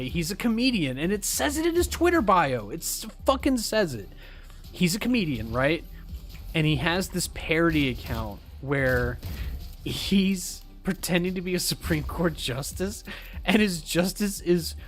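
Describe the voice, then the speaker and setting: Ranting, swearing man with a raised voice. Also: fairly high pitch. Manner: ranting, swears often, mimics others in quotes. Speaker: streamer. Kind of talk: casual ranting chat.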